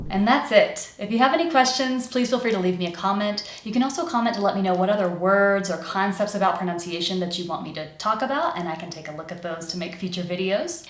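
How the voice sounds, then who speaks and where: A woman with an American accent teaching pronunciation, demonstrating and exaggerating sounds clearly for learners. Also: medium pitch, reverberant. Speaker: accent coach. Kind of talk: pronunciation lesson.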